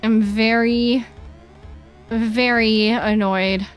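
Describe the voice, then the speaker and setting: A woman streamer narrates her gameplay in a high, drawn-out voice, letting out dramatic groans and yelps of frustration. She speaks very slowly, stretching her words. Faint game music plays behind her. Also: fairly even intonation, clear, resonant tone. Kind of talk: live gameplay commentary.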